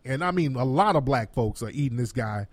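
A man's voice: mid-range voice, lively intonation, fairly quick, no echo, faint music behind. A man giving emphatic reaction commentary on a video clip, lecturing his viewers directly. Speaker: political commentator.

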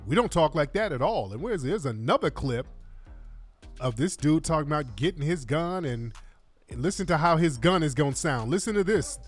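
A man hosting reaction commentary, mocking and animated, with lots of slang. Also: fairly high pitch, normal speed, soft background music. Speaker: commentary host.

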